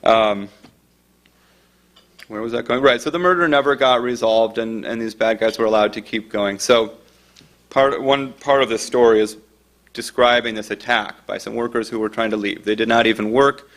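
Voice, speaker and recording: A man's voice: on the low side, fairly even intonation, normal speed, fairly bright tone. A middle-aged man speaking informally about his book, conversational and digressive, now and then acting out the people in his stories. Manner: conversational, digressive, acts out quoted voices. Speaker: author giving a talk.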